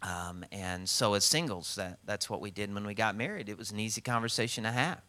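A middle-aged man preaching a sermon as pastor, telling stories and acting out quotes with lively swings in voice. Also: fairly low pitch, brisk. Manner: storytelling with animated acted-out quotes.

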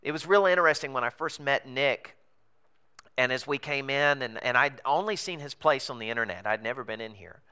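A man's voice: medium pitch, fairly quick, bright, forceful tone, clean tone. A man preaching as a pastor, telling a story in a casual, chatty way with fillers and chuckles, in a theater. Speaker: pastor planting a church. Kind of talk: conversational sermon storytelling. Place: theater in a comedy club.

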